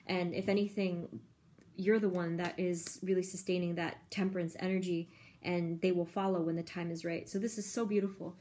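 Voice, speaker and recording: A woman giving a pick-a-card tarot reading in a gentle, soft-spoken, effusive manner. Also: fairly low pitch, level tone, moderate pace, slight background noise. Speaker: tarot reader.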